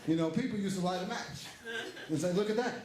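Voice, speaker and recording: A man's voice: high-pitched, fast talker, background noise, lightly acted. An actor on a theater stage playing a veteran male stand-up comic who teases the crowd and then turns reflective. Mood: joking. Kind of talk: live stage stand-up impression. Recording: very echoey hall heard from far off.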